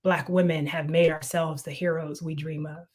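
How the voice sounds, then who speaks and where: Measured woman moderating a panel. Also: sits low, level tone, a little mellow. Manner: measured, formal delivery. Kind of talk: reading an introduction and posing questions.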